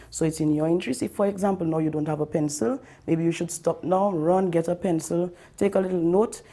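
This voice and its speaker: Creaky low-voiced woman teaching writing. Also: warm tone. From Dominica. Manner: explains step by step, often checks in with "okay?" and "all right?"; stresses key terms by slowing down and lifting pitch. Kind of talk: recorded school lesson for pupils.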